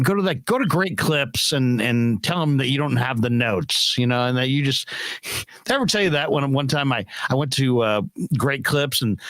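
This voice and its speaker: A man's voice: medium pitch, fairly bright tone, dry recording. A middle-aged man hosting a casual sports talk show, telling rambling stories with lots of restarts. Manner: rambling storyteller with many restarts. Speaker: podcast host.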